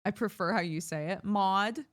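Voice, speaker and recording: A lively American woman streamer chatting casually, laughing often. Her voice is a little low for a woman and swings widely in pitch. She takes her time with the words. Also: slow. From United States. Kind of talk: casual chat with viewers.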